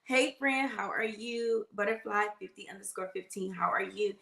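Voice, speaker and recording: A woman's voice: medium pitch, fairly even intonation, normal speed, creaky, echoey room. A middle-aged woman, a nurse chatting casually on a phone livestream and greeting viewers by name. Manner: chatty, warm greetings, uses y'all.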